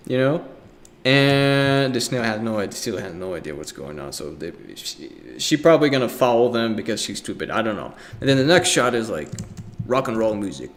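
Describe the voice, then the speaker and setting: A man's voice: fairly low pitch, fairly quick, a bit bright. A young man giving a casual art lecture, talking loosely with many fillers and breaking into acted voices and sound effects.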